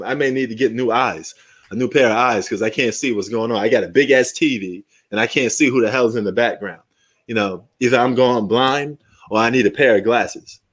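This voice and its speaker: A middle-aged man hosts a live sports stream in casual, off-the-cuff talk. He swears freely, jokes around, and drifts into fond memories as he talks. His voice sits at an ordinary, middle pitch. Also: a bit bright. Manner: loose and profane, reminiscing and joking.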